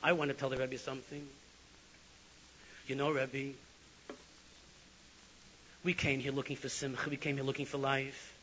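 A man's voice: level tone, normal speed, pauses often, lightly acted. A man playing a passionate devoted Hasid. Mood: indignant. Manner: impassioned pleading, climbing higher and louder. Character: bold devoted male Hasid challenging his rebbe. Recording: lo-fi with faint hiss.

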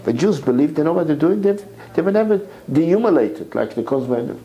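A man giving an impassioned sermon lecture, repeating words as his voice climbs to near shouts. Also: fairly high pitch, lively intonation, fairly quick, lo-fi sound. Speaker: rabbi lecturer.

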